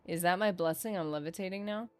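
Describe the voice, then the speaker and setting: A woman's voice: on the low side, fast. A woman streaming a role-playing game, reading quest text aloud and chatting playfully with her viewers. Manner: chatty, joking asides, playful mock-grandeur. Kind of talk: casual gameplay livestream chat, reading in-game text aloud. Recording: faint game music behind.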